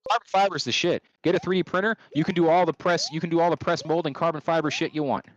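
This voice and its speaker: A man's voice: on the high side, fairly even intonation, quick pace, lo-fi sound. A man from California chatting casually over gameplay, ranting profanely with many restarts. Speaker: streamer.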